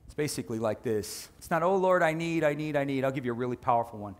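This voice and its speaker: A male pastor preaching a sermon in a lively, conversational way, with quick asides and sudden shifts in volume. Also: mid-range voice.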